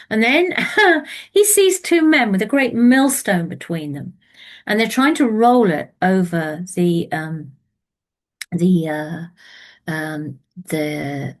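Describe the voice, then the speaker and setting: Slow, intimate woman storyteller. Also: on the low side, animated. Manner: slow and intimate, dipping to whispers. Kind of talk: oral storytelling.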